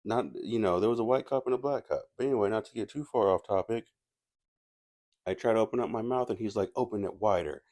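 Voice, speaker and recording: Man, very low voice, casual storytelling, rambling asides, animated retelling. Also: quick pace. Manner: rambling, with frequent restarts and asides. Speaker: movie reviewer telling a personal story.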